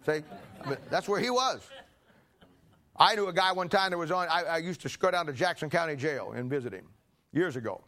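An older man preaching a sermon, telling folksy stories and clearing his throat often. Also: fairly high pitch, lively intonation, brisk, bright, forceful tone. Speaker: pastor. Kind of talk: sermon with personal anecdotes.

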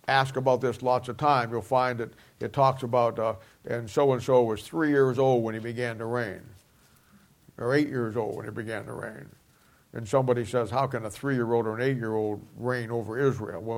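A middle-aged man preaching a Bible teaching sermon, emphatic and repeating key phrases, dropping quieter at times. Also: medium pitch.

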